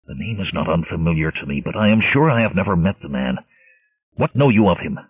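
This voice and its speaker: A man's voice: deep voice, animated, a little fast, breathy edge, dry recording, pitched below the performer's own voice. A man voicing a blunt, fierce barbarian warrior chief who growls his commands, in a storybook reading. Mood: irritable. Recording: tinny lo-fi narrowband audio.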